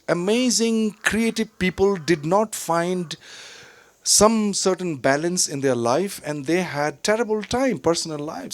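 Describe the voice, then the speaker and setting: A middle-aged actor giving a reflective storytelling talk at a film festival, digressive and full of fillers and restarts. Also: male voice, on the high side, dry recording. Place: festival stage or hall.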